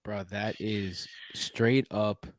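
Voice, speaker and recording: A man from Houston co-hosting a podcast, talking casually and jokingly with lively restarts. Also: on the low side, very slow, no echo, clean studio sound. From Houston, Texas. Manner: animated, jokey, frequent restarts. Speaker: podcast co-host. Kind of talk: casual fantasy football chat.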